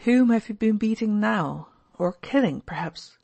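An uneasy, reproachful young man who presses his friend with worried questions, as a woman narrator reads him. The voice sits a little higher than her narration, and the recording is close and dry. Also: expressive, normal speed, no echo.

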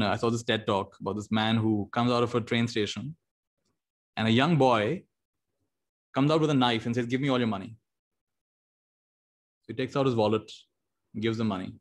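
A man giving a motivational talk as a meditation teacher over a video call, animated and storytelling, often laughing and acting out quotes. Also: mid-range voice, normal speed, long pauses.

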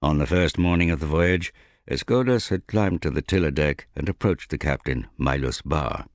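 A man narrating a fantasy novel audiobook in a measured, even storytelling manner. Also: a bass voice, no room sound, clean studio sound.

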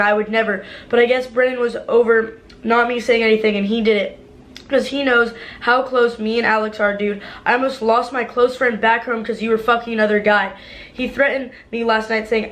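A woman's voice: fairly high pitch, steady tone, a bit bright. Chatty young woman telling a story. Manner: casual, rapid, full of "like" and swearing. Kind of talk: storytime vlog.

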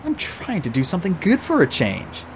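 A man's voice: on the high side, huge pitch swings, normal speed, slight background noise, pitched above the performer's own voice. A man voicing a proud, anxious teenage boy genius in an audiobook reading.

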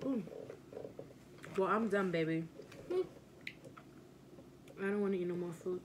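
A young woman hosting a casual eating vlog, chatting to viewers and gently minding her child between bites. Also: lowish voice, a little slow, noisy background. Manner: relaxed, motherly, chatty while eating. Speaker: mukbang vlogger, mother.

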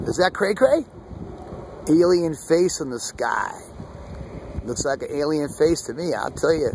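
Excitable rambling man outdoors in wind. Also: fairly high pitch, vocal fry. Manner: excitable, rambling, calls himself by his channel nickname. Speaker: vlogger. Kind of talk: excited off-the-cuff vlog commentary. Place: outdoors under an open sky. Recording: wind noise on the mic.

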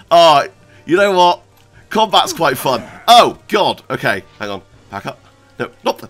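Excitable gamer, bright voice. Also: male voice, high voice, measured pace, faint music behind. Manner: excitable, exclaiming, self-mocking. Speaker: gaming YouTuber. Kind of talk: let's play commentary.

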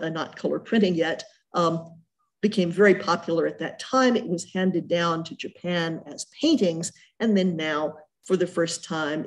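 Chatty woman curator lecturing on art. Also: sits low. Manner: chatty, many ums and uhs, self-correcting. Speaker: museum curator giving a lecture.

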